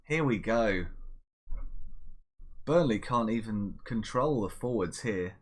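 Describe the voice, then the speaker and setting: A man hosting a casual gaming video, talking through his tactics and commentating on the match, breaking into excited shouts when his side scores. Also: mid-range voice, a little slow, long pauses. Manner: chatty, bursts into excited shouts at goals. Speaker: gaming channel host. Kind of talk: casual Let's Play commentary.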